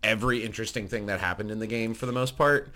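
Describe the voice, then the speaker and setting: A man's voice: on the low side, steady tone, fast talker, sharp tone. A man co-hosting a gaming podcast in casual chat, swearing freely and ranting with enthusiasm. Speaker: podcast co-host. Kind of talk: casual chat about games.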